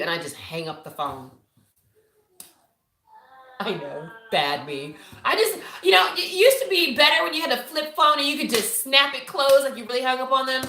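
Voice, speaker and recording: A woman's voice: high-pitched, normal speed, roomy sound. A woman in her thirties hosting a live show from her home office, chatting candidly with viewers and telling stories with lots of energy. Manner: candid, animated storytelling. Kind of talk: casual chat to viewers.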